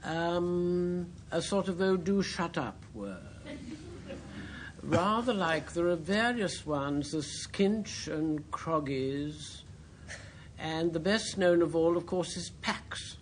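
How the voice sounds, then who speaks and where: A man's voice: fairly high pitch, animated, slow pace, a little hiss or hum. A man on a word game panel giving a definition in a genteel, mannered, chuckling way.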